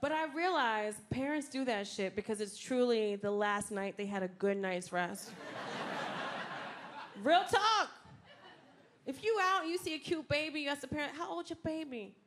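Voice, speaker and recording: A woman's voice: a little high, normal speed. Sassy, profane woman comic. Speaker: stand-up comedian. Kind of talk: stand-up routine. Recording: loud background noise.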